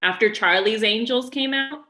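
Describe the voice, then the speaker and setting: A woman's voice: on the high side, normal speed, sharp tone. A woman author talking casually on a podcast as co-host and guest, chatty and full of fillers. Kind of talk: casual chat.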